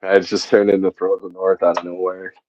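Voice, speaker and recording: A laid-back man from the northern United States, chatting as a podcast guest with a lowish voice and an easy laugh. His sound is dry and a little dull, with no room around it. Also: completely flat delivery, fairly quick, a little mellow, dry recording. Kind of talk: casual chat.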